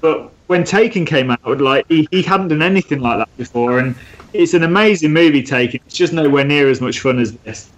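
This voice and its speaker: Chatty male podcast co-host, slightly higher voice. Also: fairly quick, low-quality recording. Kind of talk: casual chat.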